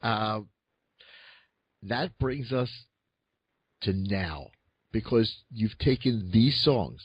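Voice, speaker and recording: Husky, lively radio talk host. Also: male voice, on the low side, very slow, no room sound, dull audio. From Philadelphia, USA. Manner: enthusiastic, stumbling restarts. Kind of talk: radio interview.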